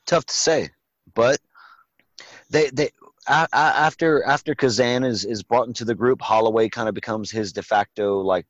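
A man's voice: medium pitch, moderate pace, dry recording, dull audio. A man hosting a podcast, reviewing a movie in casual, profane, rambling chat. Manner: profane, rambling, acts out quotes. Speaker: podcast host.

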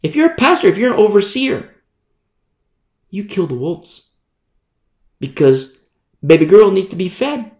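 A man delivers a sermon in an emphatic, repetitive style, hammering each point home. His voice sits somewhat high for a man. The recording is roomy and echoing. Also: very animated, unhurried, pauses often, darkish tone. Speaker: preacher. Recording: echoey room.

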